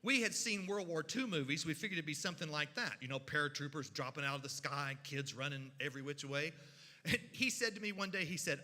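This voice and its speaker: A man, telling humorous stories at a church event in a folksy, animated way. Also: on the high side, in a large hall. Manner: folksy, animated, with drawn-out pauses. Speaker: storyteller. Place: church hall.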